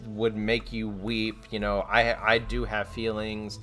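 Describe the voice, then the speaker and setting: A man's voice: lowish voice, level tone, takes it slowly, fairly bright tone, faint music behind. A man quoting a bluffing coworker figure in a boastful, mock-serious tone, close to his own voice. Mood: smug bluffing. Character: bluffing office man, smug.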